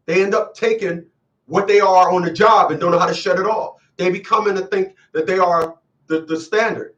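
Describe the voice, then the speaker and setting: High-voiced man preaching on a call-in show. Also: a bit bright, recorded from a distance, dull audio. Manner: emphatic, repeats lines for effect. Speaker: radio call-in host.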